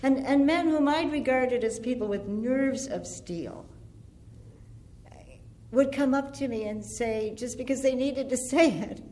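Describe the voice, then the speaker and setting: Woman, antiwar speaker, higher register, impassioned but measured public-speech delivery. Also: dark tone. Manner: earnest, deliberate, building through lists.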